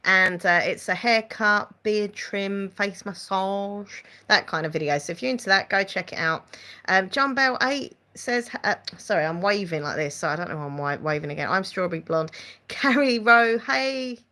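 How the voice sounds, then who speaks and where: A woman hosts a casual live-stream chat, giggling often as she reads out viewer comments. She speaks at a moderate pace with a medium pitch and a sharp tone.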